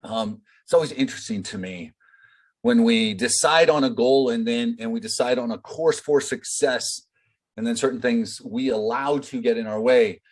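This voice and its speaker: Speaking at normal speed with lively intonation and a medium pitch, a business coach teaches a live online group. The call, picked up on a video-call microphone, is loose and conversational, with many fillers and direct asks to the group.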